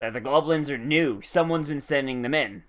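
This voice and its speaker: An anime reviewer talks through an episode in loose, profane, rambling commentary. The delivery is animated and full of asides. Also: mid-range voice, normal speed. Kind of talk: casual reaction commentary.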